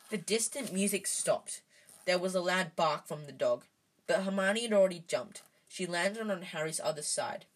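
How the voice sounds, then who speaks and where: Husky low-ish woman reading a kids book aloud, lots of ums and restarts. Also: normal speed, low-quality recording. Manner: unpolished, frequent restarts and ums.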